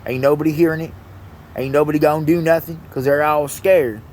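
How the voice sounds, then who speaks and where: A man's voice: fairly high pitch, steady tone, fairly quick, darkish tone, slight background noise. Angry, swearing man ranting. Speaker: vlogger. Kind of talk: angry profane rant.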